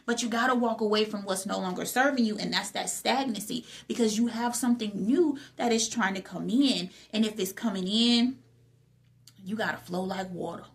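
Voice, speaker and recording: A woman's voice: a little high, fairly quick, gravelly, hardly any pauses. A young adult woman, host of her own channel, giving an emphatic motivational talk about spiritual growth, repeating phrases and asking rhetorical questions.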